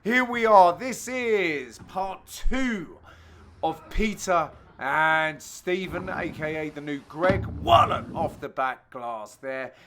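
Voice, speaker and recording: A man hosting and giving jokey, self-mocking commentary over amateur match highlights, with sudden loud exclamations. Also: expressive, slow, slight background noise. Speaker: host and commentator.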